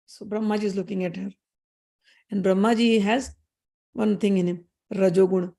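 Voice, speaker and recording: A woman's voice: mid-range voice, steady tone, normal speed, dark tone. A woman spiritual teacher retelling a scripture story in a conversational, explanatory way with casual asides.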